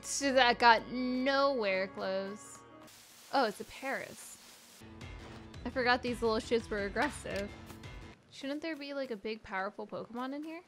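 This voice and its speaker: A young woman streaming a video game, excitable, yelping and swearing as she plays. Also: on the high side, measured pace, faint music behind. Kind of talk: live gameplay commentary.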